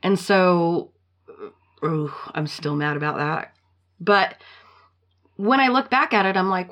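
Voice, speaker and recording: A woman's voice: lowish voice, slow, pauses often. Blunt, profane woman telling a story. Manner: blunt and profane, animated retelling. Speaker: podcast host. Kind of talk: casual storytelling chat.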